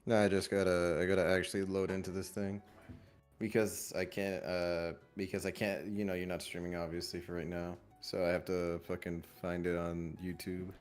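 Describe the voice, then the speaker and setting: Deep-voiced man chatting offhand. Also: moderate pace, clean tone, soft background music. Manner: relaxed, offhand, casual swearing. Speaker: co-host friend on a call. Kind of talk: casual chat.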